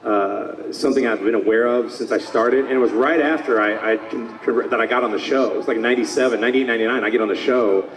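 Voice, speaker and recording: A man's voice: medium pitch, distant mic, slight background noise. Enthusiastic man in his fifties, echoey panel. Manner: enthusiastic, slips into quick character voices. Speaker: voice actor guest. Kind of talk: convention panel talk. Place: convention panel room. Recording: roomy hall, mic from afar.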